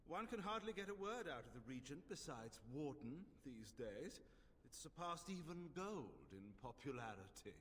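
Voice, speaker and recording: Game villain: a patronizing slaver magister, swinging melody, long hall reverb. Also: male voice, fairly high pitch, sing-song, normal speed, a bit bright, slight background noise. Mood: scheming. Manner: smooth, haughty and patronizing. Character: condescending scheming male slaver magister. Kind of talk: video game dialogue.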